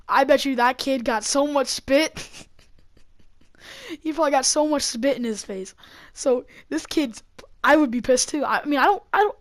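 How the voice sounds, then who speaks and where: Young female storyteller, high-ish voice, rambling and full of fillers, dry close sound. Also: no echo. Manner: rambling, filler-heavy, laughing between lines. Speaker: YouTuber. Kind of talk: casual storytelling.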